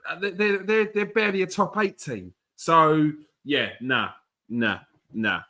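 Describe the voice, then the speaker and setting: Relaxed man hosting football talk. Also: on the high side, measured pace. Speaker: podcast host. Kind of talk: casual football chat.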